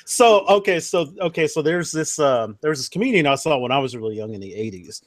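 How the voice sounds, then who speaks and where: A man in his forties with a slightly higher voice hosts a casual online hangout. He jokes and laughs often, keeping the chat upbeat. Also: animated, a little fast. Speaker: stream host.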